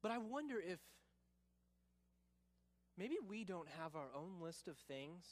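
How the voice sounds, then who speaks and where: Guy preaching, higher voice, acts out the quotes then gets quiet and probing. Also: a little slow. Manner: animated storytelling, acting out quotes, drops to quiet intensity. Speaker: pastor. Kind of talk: sermon.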